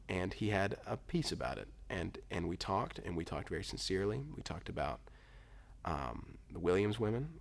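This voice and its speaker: Deep, gravelly young man, earnest. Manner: earnest, sincere, halting with fillers. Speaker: groom-to-be telling the proposal story. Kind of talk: casual storytelling.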